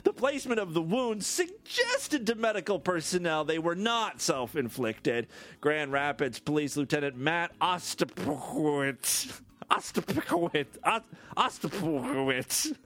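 A man's voice: fairly high pitch, big pitch swings, normal speed, a bit bright. A man hosting a comedy podcast, reading odd news stories with jokey asides and frequent laughs. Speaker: podcast host.

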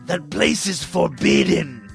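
A man voicing a stern old male village headman who warns loudly, with an odd put-on foreign accent. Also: high voice, animated, takes it slowly, vocal fry, soft background music, exaggerated voice. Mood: stern warning. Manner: warning, raising voice to a shout.

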